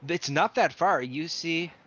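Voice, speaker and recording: A man's voice: a little high, measured pace, fairly bright tone. A man running a tabletop game as dungeon master, rambling and joking with lots of restarts. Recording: dull lo-fi audio.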